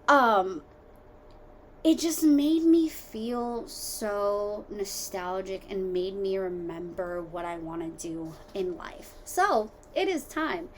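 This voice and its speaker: A woman hosting her own podcast from home, rambling casually through tangents with lots of fillers, jumping between loud exclamations and quiet muttered asides. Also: medium pitch, a little hiss or hum. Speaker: podcast host. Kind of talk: casual solo podcast chat.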